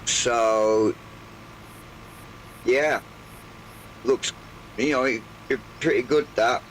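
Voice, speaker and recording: Slow-talking older man, croaky. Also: mid-range voice, a little hiss or hum, poor audio. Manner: rambling, hesitant, full of pauses. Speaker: game streamer. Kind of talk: relaxed live gameplay chat.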